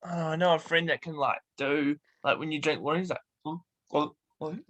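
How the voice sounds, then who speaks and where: A man hosting a casual interview over a video call, unhurried and easygoing. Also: a little high, fairly bright tone, low-quality recording. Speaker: host.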